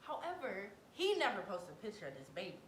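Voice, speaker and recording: A young adult woman telling a personal story to camera in a dramatic, animated way, full of slang. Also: fairly quick. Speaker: vlogger. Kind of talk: storytime vlog. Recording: echoey room, faint rumble.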